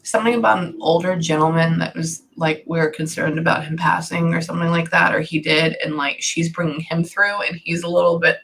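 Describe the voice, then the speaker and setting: A woman's voice: sits low, a little fast, creaky, few pauses, breathy edge, rough recording. A woman giving a psychic reading, talking in a rambling, casual way with lots of "like" fillers. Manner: rambling, full of "like" fillers, animated. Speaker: psychic medium.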